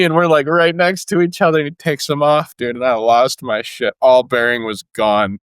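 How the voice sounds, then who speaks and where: A man's voice: medium pitch, little pitch movement, normal speed, few pauses, smooth, no echo, clean studio sound. Profane man telling a rowdy story. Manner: profane, laughing, bursts into loud shouted impressions. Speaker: podcast guest, former Marine. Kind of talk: casual storytelling.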